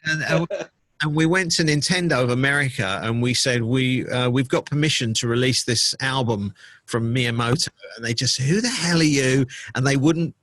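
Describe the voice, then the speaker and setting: A middle-aged man, a DJ and producer, recalling his career in a casual interview, relaxed and full of fillers. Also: mid-range voice, moderate pace, dry recording. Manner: relaxed storytelling with many fillers.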